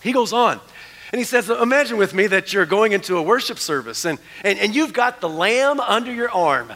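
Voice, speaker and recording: A man preaching a sermon as pastor, animated, dropping to hushed tones for emphasis. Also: high voice, moderate pace. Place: church sanctuary. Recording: long church hall reverb.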